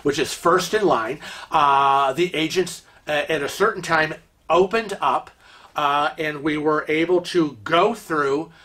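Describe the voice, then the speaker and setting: A man's voice: fairly high pitch, unhurried. A man hosting a cruise vlog, telling a story casually and rambling with lots of filler words. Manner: lively retelling with acted-out quotes.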